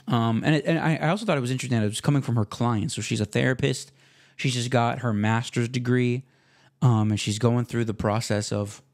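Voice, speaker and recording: A young man hosting his own podcast, talking casually in a rambling, self-deprecating way with slang and restarts, relaxed after smoking. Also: medium pitch, creaky. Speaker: podcast host. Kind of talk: casual solo podcast monologue.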